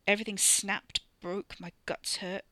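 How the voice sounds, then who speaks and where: A woman voicing a blunt, crude young man, gruff and offhand, read from a storybook. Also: mid-range voice, little pitch movement, a little slow, pushed and bright, no room sound. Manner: gruff, offhand, swearing casually.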